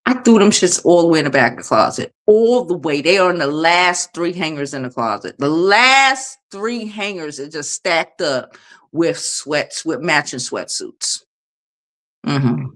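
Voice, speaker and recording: A woman hosting a casual livestream from her phone, talking bluntly and with plenty of swearing while she reads out viewer comments. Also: fairly low pitch. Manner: blunt, profane, animated. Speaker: livestream host.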